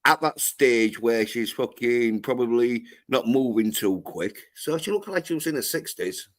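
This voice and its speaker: A man co-hosting a casual podcast, talking haltingly and swearing constantly. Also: mid-range voice, expressive. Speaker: podcast co-host. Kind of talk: casual crude banter.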